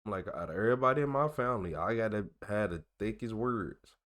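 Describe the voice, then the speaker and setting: A man with a fairly low voice and a fairly bright tone reads old reports aloud as a channel host, talking fast and animatedly. He stumbles over longer words and corrects himself, slipping into loose, slangy jokes between passages in this casual commentary.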